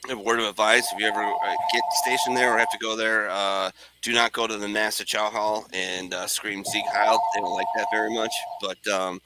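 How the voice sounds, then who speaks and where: A middle-aged man, a podcast host, telling a story in casual chat, animated and jokey, acting out the people in it. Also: lowish voice, fairly quick, hardly any pauses, heavy background noise. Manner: animated, jokey, acts out voices in his stories.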